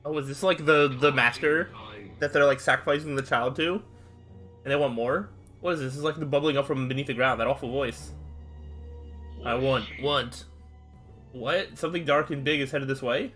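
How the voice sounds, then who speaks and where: A man with a mid-range, fairly bright voice speaks at a moderate pace over soft background music. Streaming a game, he voices every character's lines himself and breaks off now and then to react.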